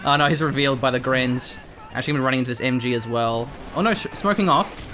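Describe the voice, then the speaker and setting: Bright excited male game caster. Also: mid-range voice, slight background noise. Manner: excited, joking, quick reactions. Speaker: esports caster. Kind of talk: game commentary.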